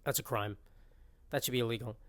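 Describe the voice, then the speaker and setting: Young male podcast host, smooth clear voice, rambling jokey solo monologue. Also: mid-range voice, fairly even intonation, a little fast. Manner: rambling, jokey, exaggerated rants.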